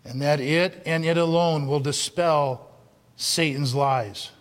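A man preaching a sermon, repeating his lines for emphasis and swinging between loud shouts and low, intense stretches. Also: slow pace, big-room sound. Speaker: pastor.

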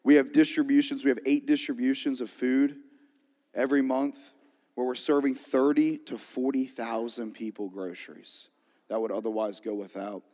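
A man preaching a sermon as a pastor, energetic, with call-and-response lines to the congregation. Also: mid-range voice, moderate pace. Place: church sanctuary. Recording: long reverb of a large hall.

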